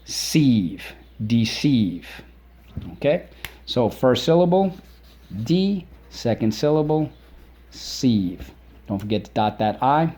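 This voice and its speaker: A man's voice: mid-range voice, takes it slowly. Middle-aged guy teaching kids spelling, repeats every word, breaks it into syllables. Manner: lively, repeats words and sounds out syllables. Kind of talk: spelling lesson for children.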